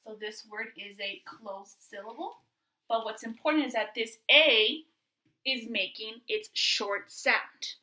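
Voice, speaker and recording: A woman teaching a remote phonics and reading lesson, speaking slowly and patiently and spelling out sounds for young children. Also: a little high, sharp tone, rough recording.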